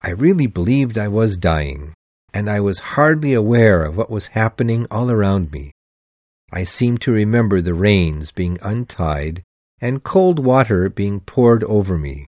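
A man reading a novel aloud as an audiobook, in a measured, expressive storytelling manner. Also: lowish voice, no echo, muffled recording. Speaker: audiobook narrator. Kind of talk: scripted audiobook narration.

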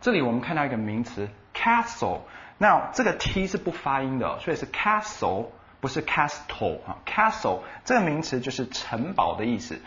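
Animated male bilingual lesson host. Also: mid-range voice, brisk, dull audio. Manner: animated explaining, switching between Chinese and English. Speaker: bilingual co-host explaining in Chinese. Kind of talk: radio English lesson.

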